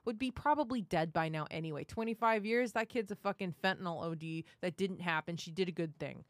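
Woman co-host, blunt and profane, deadpan, dry close sound. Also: lowish voice, a little fast, no echo. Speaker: podcast co-host. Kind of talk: casual chat.

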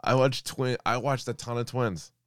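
A man's voice: medium pitch, moderate pace, clear, resonant tone, no echo, studio quality. A man in his thirties co-hosting a podcast in casual chat, laughing often and swearing freely. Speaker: podcast co-host.

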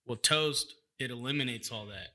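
A man's voice: mid-range voice, moderate pace, bright, forceful tone. A man, a restaurant business owner and podcast guest, talking eagerly and casually about how he runs things. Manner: eager, talks shop about restaurant systems. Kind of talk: casual chat.

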